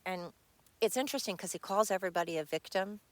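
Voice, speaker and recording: Blunt, frustrated woman podcast host, low voice. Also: quick pace. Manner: blunt, frustrated, swears freely. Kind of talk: personal monologue. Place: home. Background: dog nearby.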